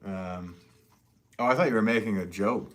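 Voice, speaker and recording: A man's voice: on the low side, normal speed. A man who is a potter, chatting casually with viewers on a live stream, rambling and chuckling often as he reads comments.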